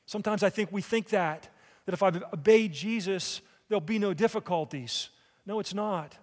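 A man's voice: sits high, normal speed, long reverb tail. A man preaching a sermon in church, asking the congregation rhetorical questions. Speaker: pastor.

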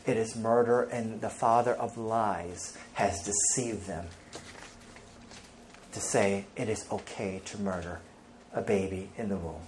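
A man's voice: fairly low pitch, steady tone, measured pace, a little mellow, a little hiss or hum. A male pastor preaching an emphatic sermon, reading scripture aloud and speaking directly to the congregation.

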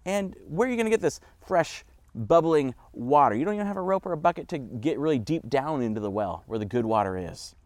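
Man doing an indignant woman, high voice, mocking tone, dry sound. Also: lively intonation, a little fast, a little mellow, dry recording, close to an everyday voice. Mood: incredulous. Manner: incredulous, mocking. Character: indignant sharp-tongued Samaritan woman.

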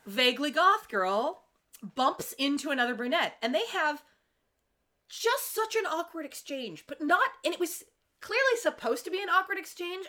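A woman co-hosting a podcast, recapping an episode in casual chat and acting out the characters' lines. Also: high-pitched. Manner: animated, acts out characters' lines in quotes. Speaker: podcast co-host.

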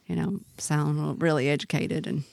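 A woman's voice: low-pitched, fairly even intonation, normal speed, vocal fry, a little mellow, no room sound, clean studio sound. A woman co-hosting a podcast in casual chat, chatty and self-deprecating. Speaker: podcast co-host.

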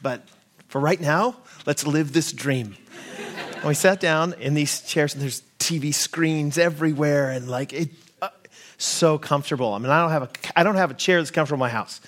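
A man's voice: on the high side, normal speed, fairly bright tone. An American man in his forties, a lead pastor, telling a self-deprecating, humorous story to his congregation during a sermon. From United States.

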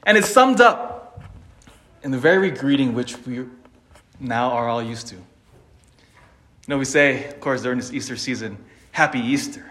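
A man giving a sermon, animated and dramatic, swinging between loud emphasis and quiet asides, with an occasional chuckle. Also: mid-range voice, moderate pace, pauses often, roomy sound. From Philippines (family). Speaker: preacher.

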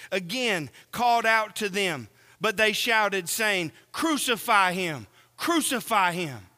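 A man preaching a sermon, slow and earnest, asking the congregation questions as he reads from scripture. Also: sits high, pushed and bright, long reverb tail.

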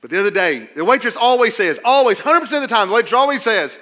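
A middle-aged man preaching a sermon, telling funny stories and swinging between loud emphasis and quiet asides. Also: very high voice, lively intonation, quick pace. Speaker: pastor.

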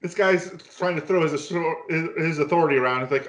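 A man's voice: on the high side, quick pace, a bit bright, slight background noise. A man in casual chat about an anime, chiming in and adding notes he wrote down. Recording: roomy echo.

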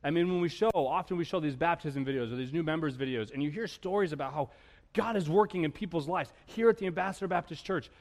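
A man preaching a sermon as pastor, animated and storytelling, with humor and rhetorical questions. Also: a little high, fast talker. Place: church sanctuary. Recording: long reverb of a church hall.

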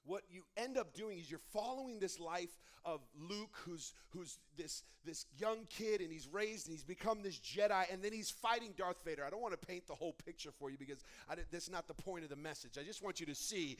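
High-voiced man preaching with restarts. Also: fairly quick, few pauses. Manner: animated storytelling, many restarts. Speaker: pastor. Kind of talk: sermon.

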